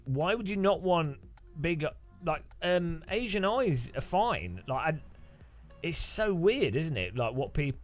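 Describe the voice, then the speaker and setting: A man's voice: fairly high pitch, fairly bright tone, no room sound. A man streaming sim racing, chatting casually and rambling with chuckles while answering his chat.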